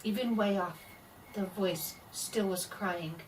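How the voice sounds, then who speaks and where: A woman reading a scary story aloud in a slow, dramatic way, voicing the sound effects herself. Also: mid-range voice, recorded from a distance, low-quality recording. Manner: slow spooky delivery with voiced sound effects.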